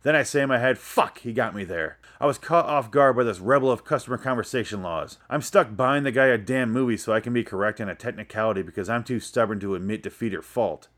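A man's voice: mid-range voice, fast, hardly any pauses, a bit bright. A man in his twenties delivering a profane, sarcastic comedic rant about everyday annoyances from his room. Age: 20s. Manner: profane, sarcastic, exasperated ranting. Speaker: vlogger. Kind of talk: ranting comedic monologue.

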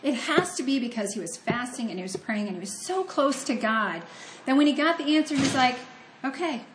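A woman's voice: fairly high pitch, expressive, brisk, background noise. Earnest woman preaching in an echoey room. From Ohio. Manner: conversational, earnest, personal storytelling. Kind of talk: sermon with scripture reading.

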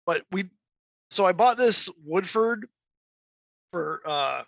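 Middle-aged man, podcast co-host; gravelly, bright tone, dry close sound, animated storyteller. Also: high voice, slow pace, no room sound, poor audio. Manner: animated storyteller, acts out quoted voices. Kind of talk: casual chat.

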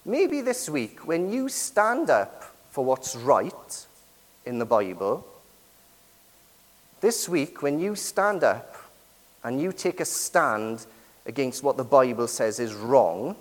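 A man preaching a sermon with lively emphasis, many rhetorical and tag questions to the congregation. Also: fairly high pitch. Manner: lively, rising and falling emphasis. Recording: long hall reverb.

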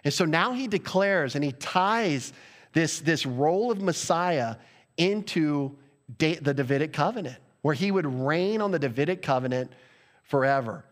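A man's voice: a little high, expressive, moderate pace. A male pastor delivering a sermon in a conversational style, asking the congregation rhetorical questions.

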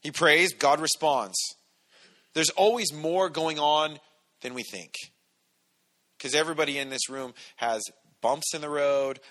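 A man preaching a conversational, animated sermon to a congregation, acting out quotes as he goes. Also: medium pitch. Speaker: pastor. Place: church hall with congregation.

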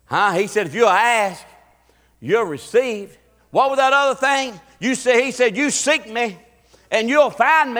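A man's voice: extremely high pitch, lively intonation, a little slow, fairly bright tone, big-room sound. A man preaching a sermon, building emphasis with repeated rhetorical questions. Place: church sanctuary.

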